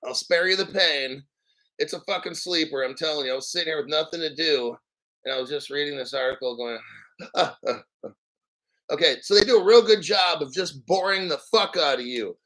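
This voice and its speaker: A man hosting a crypto livestream, reading an article aloud with profane, sarcastic rambling asides and frequent throat-clearing. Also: fairly high pitch, a little fast, sharp tone, low-quality recording. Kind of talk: profane ranting commentary while reading an article.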